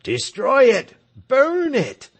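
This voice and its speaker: A man voicing a shouting village crowd. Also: high voice, wildly swooping pitch, slow pace, husky, pitched above the performer's own voice, heavily acted. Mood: defiant. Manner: exclaiming. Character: excited crowd of village men.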